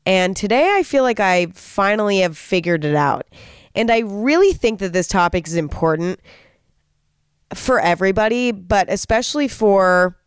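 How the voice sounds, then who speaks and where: A young woman talks through her podcast on her own, open and chatty, with the odd curse word thrown in. Her voice is smooth and resonant, in a middle register for a woman. The sound is dry and close. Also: mid-range voice, animated, normal speed, no room sound. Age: young adult. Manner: candid and chatty, swears freely. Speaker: podcast host. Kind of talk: casual solo podcast monologue.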